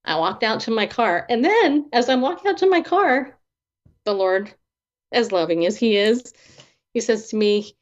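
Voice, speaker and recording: A woman's voice: on the high side, expressive, normal speed. A woman who is a Christian therapist and author, guesting on an interview. She tells personal stories expressively, laughing often and acting out the dialogue. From not from the American South. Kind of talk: animated personal storytelling. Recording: dull lo-fi audio.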